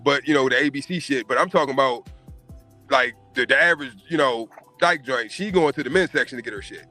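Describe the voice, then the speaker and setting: A man hosts a casual talk show and holds forth with blunt, profane emphasis. His voice is bright and forceful at a middling pitch. Faint music sits underneath. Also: brisk. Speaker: podcast host. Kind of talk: casual opinion chat.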